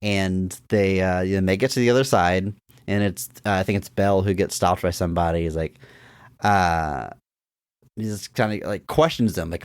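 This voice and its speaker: Low-voiced man recapping a comedy film. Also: fairly quick, clear, resonant tone, dry recording, studio quality. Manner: animated retelling of scenes, acts out quotes with laughs. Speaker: podcast co-host. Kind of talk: casual movie-review chat.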